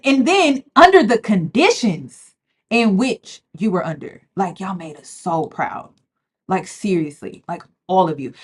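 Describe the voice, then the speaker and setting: A woman giving casual, slangy commentary on a reality show, chatty and talking straight to her viewers. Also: medium pitch. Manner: animated, chatty, slangy, addresses viewers as y'all.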